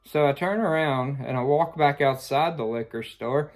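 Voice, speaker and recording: A man's voice: mid-range voice, moderate pace. A man casually telling a personal story, rambling and sheepish, filling his talk with "like" and "I mean.". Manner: self-conscious, sheepish.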